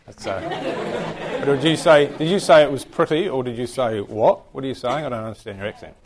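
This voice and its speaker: A man's voice: medium pitch, a little fast, some chatter behind. A man with a New Zealand accent teaching a Bible class, chatting and joking with his students. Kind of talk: casual classroom lecture.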